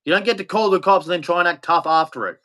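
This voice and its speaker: A man's voice: sits high, quick pace, bright, forceful tone. An Australian man delivering a bitter, profane, repetitive rant as a vlogger. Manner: bitter, profane, repeats himself. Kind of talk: angry ranting monologue.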